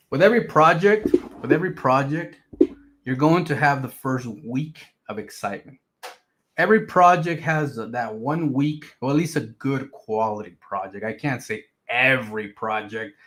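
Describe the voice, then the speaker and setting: Emphatic man talking crypto. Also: medium pitch. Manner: emphatic, repetitive, animated swings in loudness. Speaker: crypto streamer. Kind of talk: casual market commentary.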